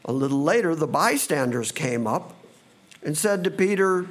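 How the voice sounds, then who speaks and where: A man preaching a sermon, reading scripture slowly and dramatically, then speeding up for asides. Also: a little high, lively intonation. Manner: slow and dramatic, quickening in asides.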